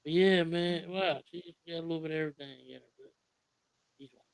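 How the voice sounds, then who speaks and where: A man co-hosting a casual podcast, his voice high, bright and smooth. He talks in an animated way and laughs often. The sound is dry and close. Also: fairly quick, no room sound, poor audio. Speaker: podcast co-host. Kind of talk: casual chat.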